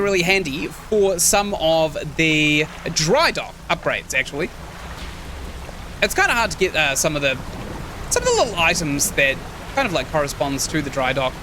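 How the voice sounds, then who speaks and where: A man's voice: on the high side, noisy background. A young man chatting casually while streaming a video game and reading its text aloud. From New Zealand. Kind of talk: casual gameplay commentary.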